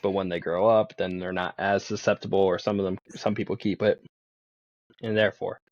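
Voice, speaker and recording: Podcast guest, a man with a lowish voice; loose, chatty storyteller, slightly muffled dry sound. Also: little pitch movement, brisk, darkish tone. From Pennsylvania. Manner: rambling, laughs often, swears casually. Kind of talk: casual storytelling.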